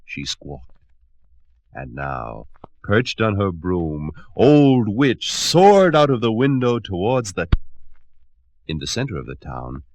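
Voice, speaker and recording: A man reading a children's storybook aloud with expressive, dramatic narration. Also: low-pitched, no room sound.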